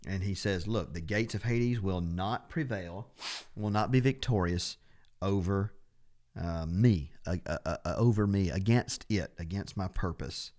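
A man's voice: sits low, unhurried. A man teaching a Bible study on a podcast, who stresses and repeats key words as he explains them. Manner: steady explaining, restarts phrases.

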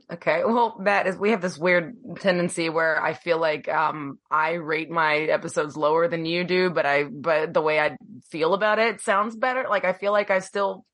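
Emotional woman podcast co-host, lowish voice. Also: normal speed, a bit bright. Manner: emotional, gushing, many ums and likes. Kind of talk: casual podcast review.

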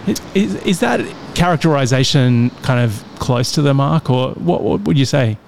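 A man's voice: medium pitch, lively intonation, normal speed, vocal fry, a little mellow, a little hiss or hum. An Australian man hosting a podcast, asking long, reflective questions full of fillers. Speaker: podcast host. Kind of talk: interview conversation.

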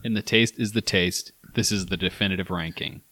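A man co-hosting a casual wine tasting chat, deliberate, with dry jokes. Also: sits low, steady tone, sharp tone, no room sound. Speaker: co-host of a wine tasting show.

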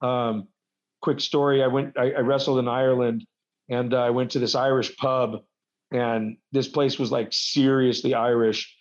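A man's voice: mid-range voice, flat delivery, normal speed. Rambling man on a dull, lo-fi recording. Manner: rambling, self-deprecating storyteller. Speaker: guest, wrestler. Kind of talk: casual interview chat.

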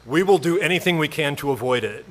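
Storytelling male pastor, slightly high voice. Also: lively intonation, quick pace, background noise. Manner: conversational storytelling with self-deprecating humor. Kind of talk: sermon.

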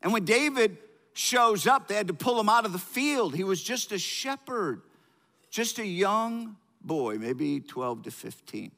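A man preaching a sermon. He calls out to the congregation for answers and swings between loud emphasis and quiet, low passages, often restarting his words. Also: sing-song, a little slow, vocal fry. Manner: frequent restarts and repeated words. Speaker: pastor. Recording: long reverb of a large hall.

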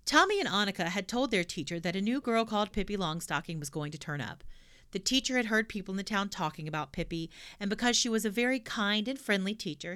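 A woman reading a children's storybook aloud with an expressive delivery. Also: medium pitch, clean tone.

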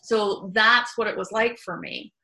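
A woman hosts a relaxed, open conversation in a bright, clear voice. She tells her stories in a lively, frank way and drops the odd swear word. Her pitch sits in the middle of the range. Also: unhurried, poor audio. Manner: animated, candid, salty storytelling. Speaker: host. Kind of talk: casual chat.

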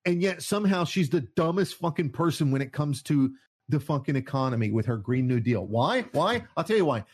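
A man's voice: fairly high pitch, husky. A man ranting in casual podcast chat, heated and profane. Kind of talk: casual political rant.

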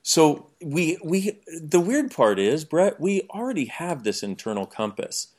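A man talking as an interview guest, animated and jokey, explaining his ideas through everyday examples. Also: fairly high pitch, unhurried. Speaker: podcast guest. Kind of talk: conversational interview.

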